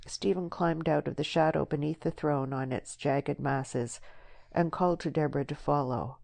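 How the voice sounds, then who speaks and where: Woman audiobook narrator, dark low tone, steady reading. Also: normal speed, vocal fry. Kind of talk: scripted narration.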